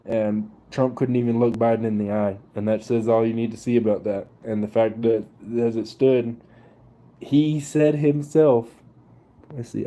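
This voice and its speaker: A man's voice: mid-range voice, level tone, unhurried, dark tone. A young man ranting casually and profanely, with slang and laughter. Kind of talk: casual political rant.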